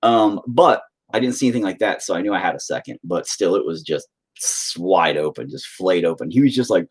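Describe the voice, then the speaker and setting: A man's voice: deep voice, animated, fairly quick, slightly rough. A man telling a rambling, profane story in a casual chat with his viewers. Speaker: streamer.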